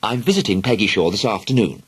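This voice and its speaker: A man voicing a brisk, bossy mother who scolds her daughter sharply and sarcastically. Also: on the low side, lively intonation, husky. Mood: brisk, scolding.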